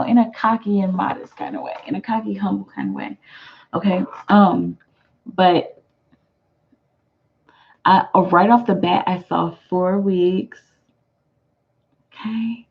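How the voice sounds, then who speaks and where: A woman's voice: medium pitch, dull audio. An American woman giving chatty live tarot readings, reading viewer comments aloud and laughing often. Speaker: tarot reader.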